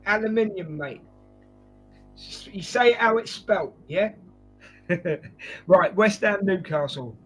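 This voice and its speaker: A man hosts a casual football chat show in a jokey, matey way. His voice sits a little high for a man, and faint music plays behind him. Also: lively intonation, slow, long pauses, a bit bright, breathy edge. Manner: jokey, chatty, addresses guests as mate. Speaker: host.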